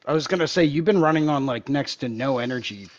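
A man tattoo artist joining a podcast over a video call, bantering and teasing in a relaxed way. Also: medium pitch, fast talker, highs cut off. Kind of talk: casual podcast chat.

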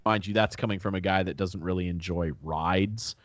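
A man's voice: deep voice, fairly even intonation, normal speed, no room sound. A young man co-hosting a podcast, chatting casually with lots of "like" and "dude" and some swearing. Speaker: podcast co-host. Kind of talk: casual chat.

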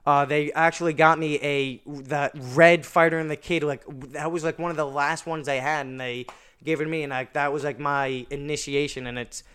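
A man's voice: on the high side, steady tone, moderate pace, a bit bright, smooth. Young man rambling through a story. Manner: rambling, many "like" fillers and restarts. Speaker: podcast guest. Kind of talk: casual storytelling chat.

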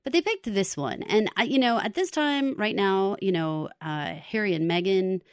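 A woman co-hosting a podcast, chatting casually about a show in an animated, exclamatory way and laughing often. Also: medium pitch, normal speed, clean tone, no echo, studio quality. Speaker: podcast co-host. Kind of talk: casual chat reviewing a show.

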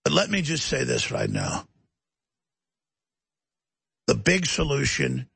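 Gravelly, forceful ranting talk-show man. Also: lowish voice, no echo. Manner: ranting, emphatic and heated. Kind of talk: impassioned talk-show monologue.

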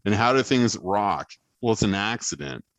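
A man's voice: fairly low pitch, expressive, normal speed, a bit bright, no room sound. A man in a casual interview about songwriting, rambling and joking with lots of fillers, from Texas. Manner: rambling, jokey, many fillers. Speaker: guitarist and songwriter being interviewed. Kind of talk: casual chat.

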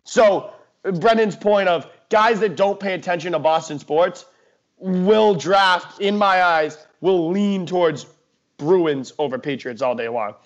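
Animated young man telling a story. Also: high voice, a little slow. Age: young adult. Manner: animated storyteller, lots of fillers and restarts. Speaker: podcast co-host. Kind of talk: casual sports chat. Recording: dull lo-fi podcast audio.

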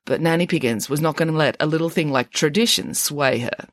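A woman reading a children's storybook aloud in an expressive, storytelling manner. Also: deep voice, a little fast, no echo, studio quality. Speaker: audiobook narrator.

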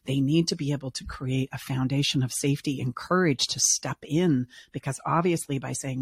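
Husky, earnest woman coach. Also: very deep voice, normal speed, few pauses, no echo, clean studio sound. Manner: earnest, emphatic, acts out clients' voices. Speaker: relationship coach and show host. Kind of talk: podcast conversation.

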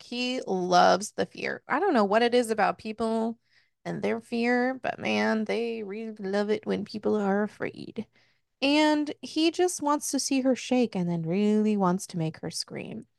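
This fairly high, creaky female voice belongs to a book club podcast host who retells a story casually, with jokes and swearing along the way. The studio recording is clean with no echo.

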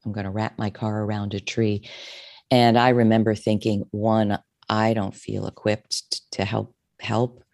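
Middle-aged woman guest, therapist type, heartfelt and expressive storyteller, dry close mic. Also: very deep voice, measured pace, vocal fry, no room sound. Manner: emotional, expressive, restarts often. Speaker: therapist and coach, author. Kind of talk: candid interview storytelling.

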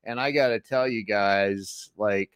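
Smooth-voiced male podcast host. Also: on the low side, measured pace, dry recording. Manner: rambling, repeats words, many fillers. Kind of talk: casual interview chat.

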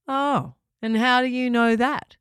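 A woman voicing a kindly, gently joking father in a children's story. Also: a little high, fairly even intonation, measured pace, clear, resonant tone, dry recording, clean studio sound, voice pushed up. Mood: bemused. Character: kindly, bemused father of a family.

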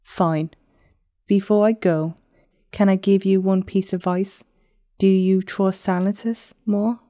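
A woman voicing a calm, smug enchantress who can turn into a wolf, speaking in cryptic warnings. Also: medium pitch, unhurried, no echo, clean studio sound, natural voice. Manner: calm, cryptic, mildly mocking.

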